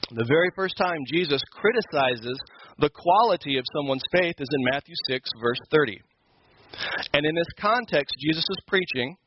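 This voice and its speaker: A man's voice: fairly high pitch, lo-fi sound, a little hiss or hum. A man teaching a Sunday school lesson, explaining scripture in an emphatic, conversational way. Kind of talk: Bible teaching.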